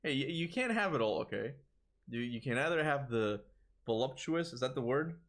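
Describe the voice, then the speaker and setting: A man's voice: mid-range voice, animated, normal speed, a bit bright. A young man with a Toronto accent chatting casually on a livestream, tired, rambling and restarting his words with frequent chuckles. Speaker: gaming streamer.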